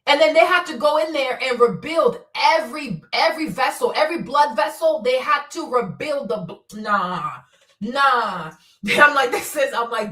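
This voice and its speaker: High-voiced woman ranting in an echoey room. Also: normal speed, recorded from a distance. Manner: animated, profane, swings between loud outbursts and mutters. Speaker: livestream host. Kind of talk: casual unscripted commentary. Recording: roomy echo, voice a bit off-mic.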